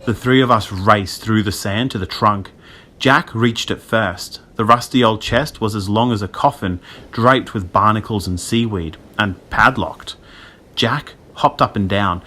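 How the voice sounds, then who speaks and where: A man narrates a spooky children's tale in a lively storytelling manner. His voice sits fairly low, with a bright, forceful tone. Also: measured pace. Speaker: audiobook reader. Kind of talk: scripted narration.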